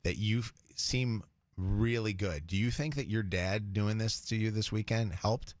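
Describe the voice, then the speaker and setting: A man's voice: on the low side, a little slow, no echo, studio quality. A middle-aged man hosting a morning radio show, chatting casually in a rambling way with frequent restarts. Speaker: radio host. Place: radio studio. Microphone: studio microphone.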